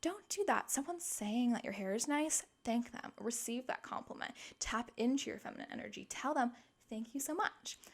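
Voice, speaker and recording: A woman's voice: fairly high pitch, lively intonation, moderate pace. A young woman in her twenties hosting a casual self-help podcast, chatty and upbeat with plenty of fillers. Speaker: podcast host.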